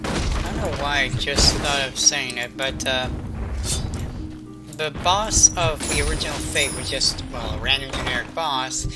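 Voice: mid-range voice, unhurried. A gamer giving let's-play commentary, talking to themself in a profane, sarcastic way. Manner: profane, sarcastic self-talk. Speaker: gamer playing a video game. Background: game music.

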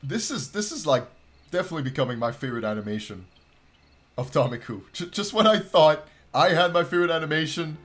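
A man reacting to an animation on his channel, excitable and gushing, with loud outbursts. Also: fairly high pitch, fairly quick. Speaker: video reactor.

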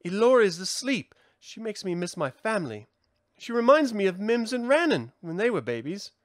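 Earnest little hero voiced by a man, high and lively, with a dry close sound. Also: moderate pace, no echo.

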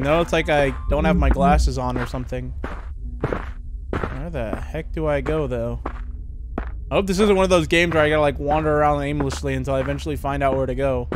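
A man giving chatty, excitable commentary while playing a horror game, reacting out loud as he goes. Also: on the high side. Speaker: gaming YouTuber.

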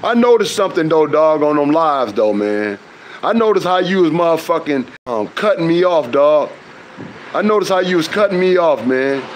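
A man's voice: a little high, very animated, moderate pace, slight background noise, poor audio. A man delivering a heated, confrontational rant as an online commentator. He swears constantly and often trails into fillers mid-sentence. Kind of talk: heated direct-to-camera rant.

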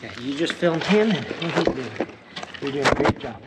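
A man's voice: medium pitch, expressive. Man bossily cheering on his dogs. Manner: encouraging, praises dogs in short bursts; bossy, gives quick directions. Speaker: host, pest control dog handler. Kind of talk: casual outdoor commentary. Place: outdoors on a farm. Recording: outdoor noise behind the voice.

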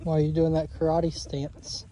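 A man's voice: on the high side, completely flat delivery, normal speed, dark tone, a little hiss or hum. Joking man vlogging outdoors. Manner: talks to animals, exasperated and joking, laughs a lot. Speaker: homesteading vlogger. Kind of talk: casual vlog narration to camera. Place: outdoors on a homestead, in and around a chicken coop.

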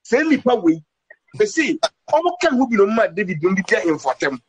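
Male commentator, high husky voice, emphatic and heated political talk. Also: very animated, a little fast, low-quality recording. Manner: emphatic, mixes English words into his talk.

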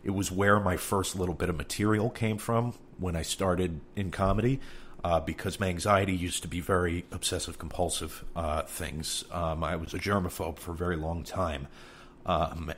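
A man's voice: deep voice, a little hiss or hum. A man from New York with a New York accent, hosting a podcast in a candid, rambling monologue and cursing freely. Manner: frank and rambling, with frequent cursing. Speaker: podcast host.

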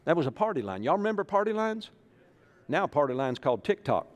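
A man's voice: on the high side, very animated, quick pace. A man from Arkansas, preaching a sermon as pastor in a folksy, joking style that calls on the congregation to repeat after him. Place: church sanctuary. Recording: echoey church hall.

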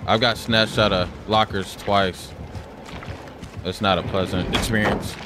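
A man's voice: lowish voice, steady tone, unhurried, background noise. A man streaming a game, telling stories in a loose, profane way and calling everyone "bro". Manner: loose, profane storytelling, says "bro" a lot. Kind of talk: casual gaming commentary.

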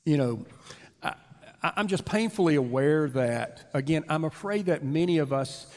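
A man's voice: on the high side, expressive, normal speed, a little mellow. A man pastor reading scripture and preaching a sermon in a church, earnest and emphatic. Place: church sanctuary. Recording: long hall reverb.

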